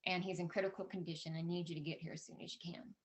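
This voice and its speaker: On a conference stage, a middle-aged woman tells an audience a personal story with candid emotion and plenty of quoted dialogue. Her voice is low with little pitch movement, and she races through it.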